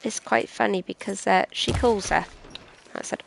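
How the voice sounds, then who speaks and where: Over gameplay, this British streamer rambles chattily and mocks herself often. She speaks at a moderate pace in a mid-range, sing-song, creaky voice, captured in a low-quality recording.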